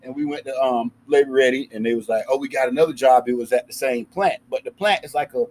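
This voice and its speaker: A young man, telling a profane, animated story in casual chat with friends. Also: fast talker. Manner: animated, profane, acts out quotes with big pitch jumps.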